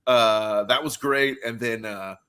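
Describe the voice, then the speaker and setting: Bright-voiced man telling a story. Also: mid-range voice, slow, clean tone. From Carolina, USA. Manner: animated storyteller with many fillers. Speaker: podcast host. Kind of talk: casual chat.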